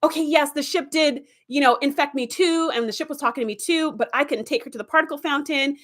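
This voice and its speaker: A rambling male junk dealer owning up to what he did, quoted by a woman retelling a story. His speech runs on nervously in a voice kept fairly high. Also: fast, a bit bright. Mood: confessing.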